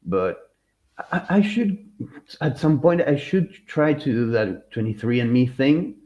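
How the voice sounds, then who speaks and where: Man, podcast co-host, casual chat, slow unhurried delivery, lively pitch, dull lo-fi sound. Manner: animated, rambling with restarts and laughter.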